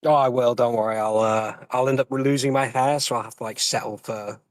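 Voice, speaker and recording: A young man from Britain chatting casually, rambling and repeating himself with lively swings in pitch. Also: a little fast, slight background noise. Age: young adult. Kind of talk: casual chat.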